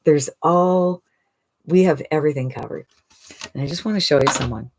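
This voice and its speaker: A woman in her sixties giving an enthusiastic, persuasive direct-to-camera sales pitch as an online business coach, often asking "right?". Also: moderate pace, background noise. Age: 60s.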